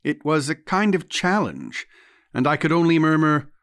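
A man narrating a literary ghost story in the first person, measured and deliberate. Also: mid-range voice, a bit bright, dry recording, studio quality. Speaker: audiobook narrator.

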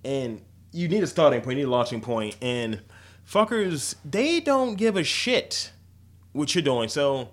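A man's voice: medium pitch, a little slow. A man co-hosting a casual podcast chat with a Baltimore accent, swearing and mimicking people as he tells stories. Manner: animated, profane, mimics people mid-story. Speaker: podcast co-host.

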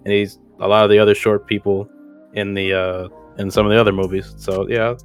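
A man's voice: on the low side, flat delivery, fairly quick, faint music behind. A man co-hosting a podcast, chatting casually in slang, rambling and correcting himself as he goes. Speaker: podcast co-host. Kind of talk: casual chat.

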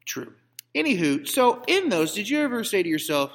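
A man's voice: sits high, big pitch swings, moderate pace, vocal fry, loud music behind the voice. A man co-hosting a comedic banter show, telling stories in a playfully pompous, mock-grand manner. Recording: long hall reverb.

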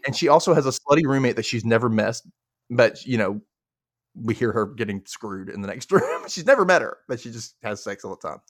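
Here the young Mississippi podcaster talks a little fast in a mid-range voice, with studio quality and no room sound. Casual and animated, he recaps a show, frequently breaks into laughter, and acts out its characters.

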